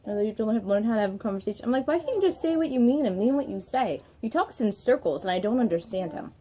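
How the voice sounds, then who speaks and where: Higher-voiced young mother venting at home. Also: animated, fast, mellow. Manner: venting frankly, switching to a sweet coaxing tone with her child. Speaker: mother vlogging her day. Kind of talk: casual home vlog chat. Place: family home, indoors.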